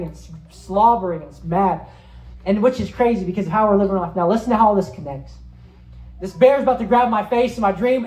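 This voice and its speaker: A man preaching a sermon, telling a vivid dream story with animated delivery and then leading a prayer. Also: sits high, roomy sound, rough recording. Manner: animated storytelling, acting out scenes, rising to shouts. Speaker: pastor.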